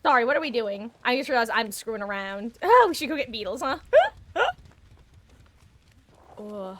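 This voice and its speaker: A woman's voice: a little high, animated, normal speed, long pauses, a bit bright, soft background music. A woman giving chatty, self-mocking live commentary on her game, laughing often. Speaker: streamer.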